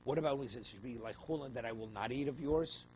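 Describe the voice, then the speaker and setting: A rabbi giving a Talmud class, reading Aramaic passages and explaining them in English, often checking with "okay?" and "right?". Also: male voice, medium pitch, rapid-fire. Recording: slightly dull, faint room noise.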